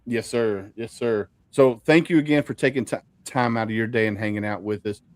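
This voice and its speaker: A man's voice: medium pitch, fairly quick, dry recording. A middle-aged man hosting a podcast, upbeat and enthusiastic with his guests. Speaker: podcast host. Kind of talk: casual interview chat.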